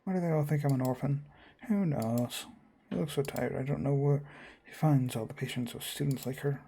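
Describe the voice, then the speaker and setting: A man reading visual novel dialogue aloud, quick and stumbling, often restarting words. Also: medium pitch, creaky, dark tone, husky. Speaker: gamer voicing a visual novel.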